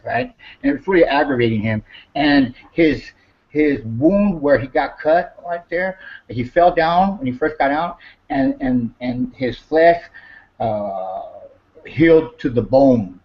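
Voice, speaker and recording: A man talks in casual, rambling chat, cursing freely and circling back over the same words. His voice sits slightly high for a man. The recording sounds dull and lo-fi. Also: very animated, unhurried. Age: 50s. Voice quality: profane, rambling, repeats himself.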